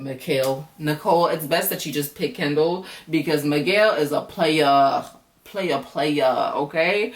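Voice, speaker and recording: A woman's voice: sits low, distant mic. A woman giving a chatty, profane, laughter-filled casual recap of a reality show. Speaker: YouTube reality-show reviewer. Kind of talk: casual reaction commentary.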